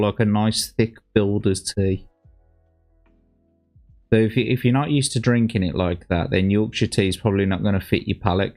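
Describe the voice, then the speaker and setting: A man's voice: on the low side, a little mellow. Sweary man rambling on stream. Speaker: streamer reacting to old adverts. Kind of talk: casual livestream commentary.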